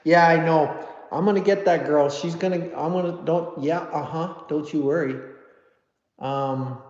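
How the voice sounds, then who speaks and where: A chatty man hosting a live stream, reading out viewer comments with easy self-deprecating humor. His voice sits a little high and comes through dull and muffled. The room around him echoes with a long, lingering reverb. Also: steady tone, unhurried, a little mellow. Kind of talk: casual live stream chat.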